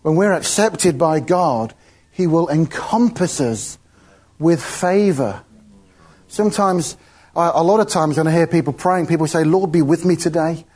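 A man's voice: on the high side, expressive, a little slow, darkish tone. A man giving an informal, chatty sermon, often laughing between his points. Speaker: preacher.

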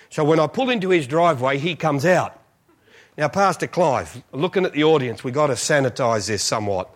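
A male pastor preaching a sermon as a comic, self-mocking story, often laughing through his lines. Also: fairly high pitch.

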